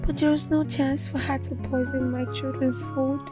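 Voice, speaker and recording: A woman voicing a frightened mother's inner monologue, hushed and questioning. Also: high voice, little pitch movement, normal speed, natural voice. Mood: anxious. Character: frightened mother thinking to herself. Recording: voice-over under film music.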